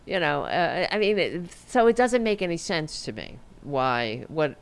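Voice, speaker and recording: A middle-aged woman hosting a casual political livestream, animated and sarcastic, swearing freely. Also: deep voice, a little slow, clear, resonant tone. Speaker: host.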